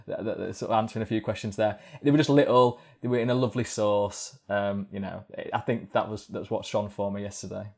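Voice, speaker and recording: A man co-hosts a casual podcast in a fairly low voice. He chats in a good-humoured way and often hesitates and restarts his sentences. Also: steady tone, fast talker, gravelly, hardly any pauses. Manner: hesitant, good-humoured chatter with many fillers. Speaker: podcast co-host.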